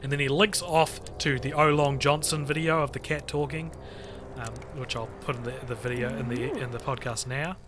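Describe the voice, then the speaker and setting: A man on a podcast reading a creepy internet story aloud to friends, lively and full of swearing. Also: medium pitch, normal speed, over music. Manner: animated storyteller, swears freely, breaks off to chat. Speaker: podcast co-host reading stories.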